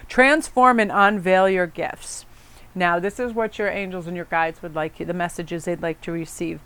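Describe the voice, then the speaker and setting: A woman's voice: fairly low pitch, steady tone, normal speed, a bit bright, clear, resonant tone. A woman hosting a pick-a-card spiritual reading, talking in a chatty, rambling way with a soothing tone and frequent self-corrections. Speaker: tarot card reader.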